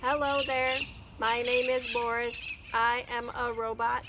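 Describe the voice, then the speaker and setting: A polite storybook robot speaks in a calm, even, precise way, as a woman puts him on while reading aloud to children. He speaks a little higher than her own voice, with faint background hiss. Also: measured pace. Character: polite talking robot at a science exhibit.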